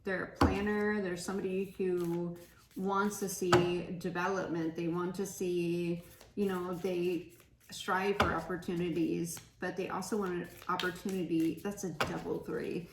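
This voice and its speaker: A woman giving a casual pick-a-card tarot reading, chatty and giggly, laughing often. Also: fairly low pitch. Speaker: tarot reader. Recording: echoey room with faint noise.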